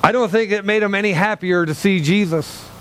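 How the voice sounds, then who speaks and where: Male pastor, high voice, lively humorous preaching on a church stage. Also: a little fast, slight background noise. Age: older than 37. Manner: animated, humorous, talks straight to the congregation. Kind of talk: sermon. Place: church sanctuary, on a low stage.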